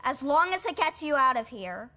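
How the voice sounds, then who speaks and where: A game NPC, a curt local informant; high, teasing, sharp. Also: female voice, big pitch swings, moderate pace, full character voice. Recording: game audio from a playthrough.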